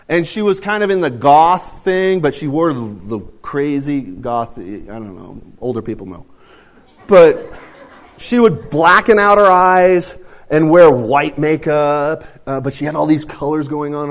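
A man in his fifties delivers a sermon with a slightly high voice. He talks in a loose, conversational way, winding through stories and dropping joking asides. His tone stays easygoing. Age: 50s. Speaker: preacher.

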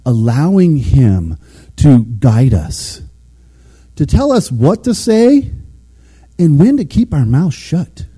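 Man, casual sermon, lively swinging pitch, dark husky voice. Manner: animated, conversational, acts out quotes. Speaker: preacher.

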